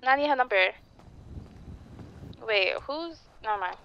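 A woman's voice: a little high, lively intonation, unhurried, muffled recording, slight background noise. A woman in a role-play game answering a man's questions on a call, brushing them off defensively. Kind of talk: casual in-character role-play chat.

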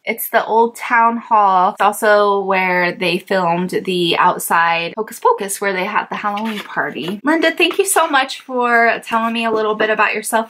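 A woman hosting a casual vlog as she opens mail, gushing and excitable with sudden squeals. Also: mid-range voice, slight background noise. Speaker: YouTube host.

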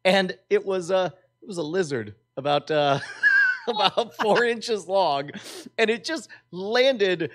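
A middle-aged man tells a long anecdote on a casual podcast. His voice sits a little high for a man, and he rambles, stopping and restarting often. His delivery stays loose and conversational throughout. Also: expressive, slow, fairly bright tone. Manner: rambling, hesitant, lots of fillers and restarts. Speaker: podcast co-host. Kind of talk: casual storytelling chat.

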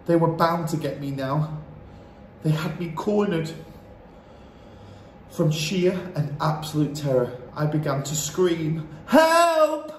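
A man's voice: fairly high pitch, slow pace, pauses often, a little mellow. A man reading a children's book aloud as storyteller, narrating with dramatic expression. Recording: roomy echo, faint hiss.

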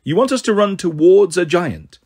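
A worried teenage boy archer frets in the middle of a battle, voiced by a man reading the book. His voice sits a little high with a husky grain, and he sounds anxious throughout. It comes from a storybook reading. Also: animated, moderate pace, darkish tone, full character voice.

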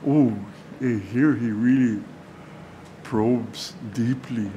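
Pastor, man, mid-pitched, teaching in a chatty, halting way, faint hiss behind. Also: dark tone. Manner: conversational, halting, many fillers and restarts. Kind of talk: sermon. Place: church sanctuary.

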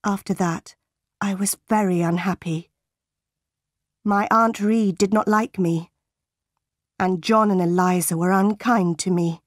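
A woman narrating a simplified storybook for English learners, reading clearly and carefully. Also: medium pitch, fairly even intonation, no room sound, studio quality. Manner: slow, clear and carefully paced.

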